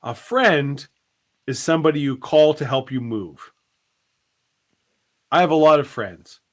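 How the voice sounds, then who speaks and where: A man co-hosting a live chat stream, taking his time over every thought. He rambles and jokes in a relaxed, drawn-out way. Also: on the high side. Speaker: co-host.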